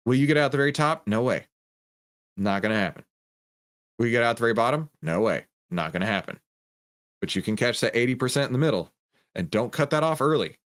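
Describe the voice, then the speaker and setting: A man's voice: on the low side, expressive, fast talker. A man hosting a trading livestream, reading chat questions and coaching viewers in an upbeat, conversational way.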